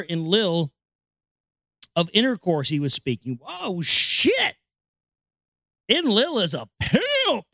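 A man's voice: high voice, bright, forceful tone, dry recording, studio quality. A man who hosts a podcast, reading an ancient text aloud and ranting over it in crude, profane language. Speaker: podcast host.

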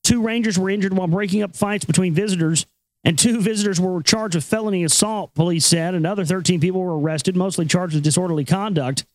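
Male show host, profane, rambling, higher voice, dry close sound. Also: fast talker, no room sound. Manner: profane, rambling, laughs often. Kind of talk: casual talk and news reading.

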